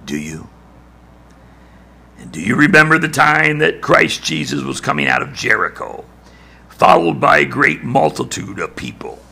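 A male preacher giving a dramatic sermon, building to shouts and dropping to near-whispers. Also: mid-range voice, wildly swooping pitch, moderate pace, creaky, slightly rough.

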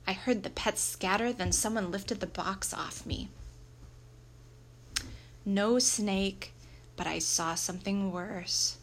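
A woman narrating a children's book aloud in a lively, expressive storytelling manner. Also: mid-range voice, slow pace, pauses often, slight background noise. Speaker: audiobook reader.

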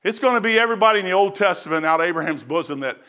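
High, bright-voiced preacher man. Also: expressive, racing. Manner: folksy, emphatic preaching with bursts of shouting. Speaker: pastor. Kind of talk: sermon.

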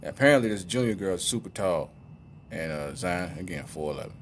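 A man's voice: deep voice, animated, a little fast, a little hiss or hum. A man telling a family story in a casual, slangy monologue, laughing at his own tale.

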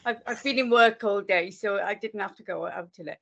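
Gravelly Welsh woman, chatty. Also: medium pitch, a little slow, dull audio. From Wales. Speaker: author guest. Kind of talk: casual interview chat.

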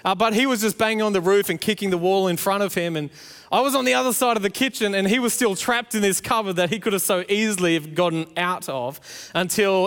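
A man's voice: high-pitched, a bit bright, smooth. A man, preaching a sermon and telling a family story, acting out the playful quotes. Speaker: pastor. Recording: long hall reverb.

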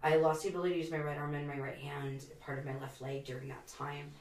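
A woman in her forties with a raspy, smoker-like voice, a podcast guest who talks candidly with rambling asides and self-deprecating humor. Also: deep voice, flat delivery, quick pace, a little mellow, distant mic. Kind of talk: casual interview conversation. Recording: roomy echo, a bit off mic.

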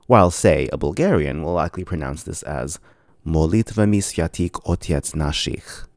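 A man with a deep, low voice gives a scripted podcast lesson, rising and falling expressively as he explains. He spells things out slowly and carefully. The recording is close and dry, with no room sound. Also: vocal fry, a little mellow, dry recording. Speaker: podcast teacher.

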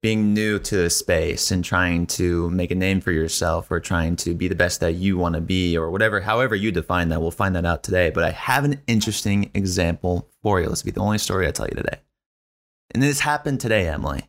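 A man hosting an interview, chatting casually and telling stories with lively swings in his voice. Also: a little fast. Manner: animated storyteller with big pitch swings. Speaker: podcast host.

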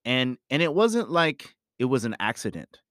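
With a medium-pitched, slightly bright voice, big pitch swings and normal speed, a man tells a personal story about his family as a parent. The casual monologue is rambling and emphatic, peppered with swearing and "you know," in clean studio sound without echo.

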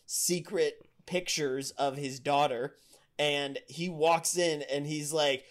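A man's voice: on the high side, slow. A man co-hosting a podcast in casual chat, telling stories animatedly, acting out quoted lines and swearing freely. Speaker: podcast co-host.

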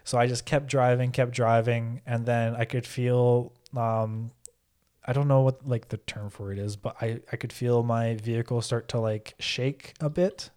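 Man telling a road story, flat voice. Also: mid-range voice, a little slow. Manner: rambling storytelling, frequent swearing and fillers. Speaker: podcast co-host. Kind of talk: casual chat.

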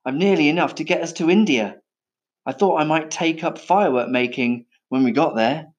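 A man's voice: a little high, normal speed, dull audio, voice pushed up, close to an everyday voice. Man doing a cheeky scheming boy. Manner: cocky, breezy, innocent-sounding. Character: cheeky scheming young male elephant keeper.

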